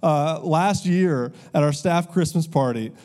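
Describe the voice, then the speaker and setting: A man's voice: a little high, unhurried, darkish tone. A man preaching a sermon as pastor, telling stories with casual asides to the congregation. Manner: conversational storytelling, audience asides.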